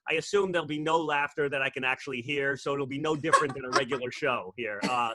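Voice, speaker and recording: A man doing stand-up comedy over a video call, with a halting, filler-heavy, mock-nervous delivery. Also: mid-range voice, very noisy.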